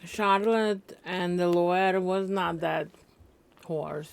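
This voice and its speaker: A woman's voice: fairly low pitch, steady tone, takes it slowly, gravelly. A woman co-hosting a podcast, recapping a plot in a plain, matter-of-fact way. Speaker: podcast co-host. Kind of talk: casual chat.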